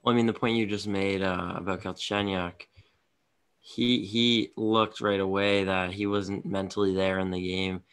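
Deep flat-voiced man, bright tone. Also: a little slow, smooth. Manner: rambling, blunt opinions. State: tired. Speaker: podcast co-host. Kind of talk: casual hockey podcast chat.

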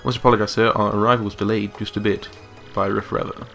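A man's voice: fairly low pitch, flat delivery, fast, gravelly, fairly bright tone, faint music behind. A man voicing a formal, deferential sailor speaking to a passenger on a boat. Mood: courteous. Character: courteous ship sailor addressing a passenger.

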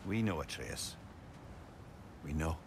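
An actor playing a grim, weary warrior father in a video game, speaking slowly and tersely with a deep gravelly voice. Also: lively intonation, a little hiss or hum, heavily acted. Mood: gruff consoling. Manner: slow, terse, heavy-spoken.

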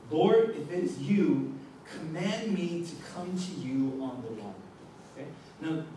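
This young youth pastor's voice is a little high and a little mellow as he reads scripture to his group and talks through its meaning, frequently asking "okay?" or "right?". The recording, made from afar in an echoey youth ministry room, picks up a bit of hiss or hum.

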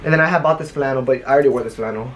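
Over faint music, a young vlogger fires off rapid-fire chatter about a shopping haul in a mid-range voice. The talk is rambling and animated, full of stories.

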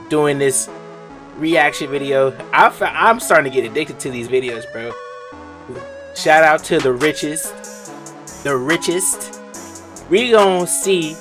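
A man's voice: a little high, fairly bright tone. A young man hosting a reaction video, talking in a hyped, rambling, slangy way. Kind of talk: casual reaction commentary.

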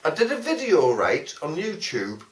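A man's voice: a little high, wildly swooping pitch, moderate pace, distant mic. A man, rambling and swearing in a casual chat, often losing his train of thought. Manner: rambling, sweary, easily sidetracked. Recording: roomy sound from off the mic.

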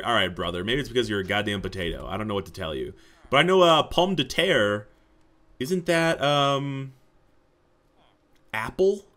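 Excitable young man playing a video game. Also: mid-range voice, unhurried. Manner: excitable and jokey, swears when surprised. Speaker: gaming commentator. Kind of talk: casual let's-play commentary.

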